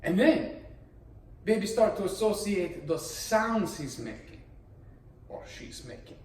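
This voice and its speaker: A man explains how voice work is done, with a high-set voice that swoops widely as he plays up each point. He talks theatrically and teasingly, pitching questions at his listeners, and sounds a little distant in an echoey room. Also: a little mellow, slight background noise. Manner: theatrical, playful, rhetorical questions. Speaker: voice performer. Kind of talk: explanatory monologue on voice acting.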